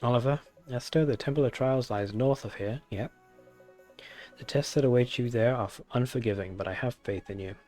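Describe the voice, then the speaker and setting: A man's voice: medium pitch, a little fast, a little mellow, soft background music, close to an everyday voice. A man reading the lines of a solemn older sage mentor in a grave, formal manner.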